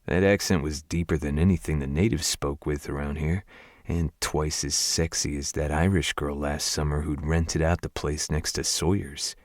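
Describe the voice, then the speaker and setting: Male audiobook narrator, very low voice, dry close sound, wry confiding first-person read. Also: fairly even intonation, normal speed, no room sound. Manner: wry, confiding inner monologue.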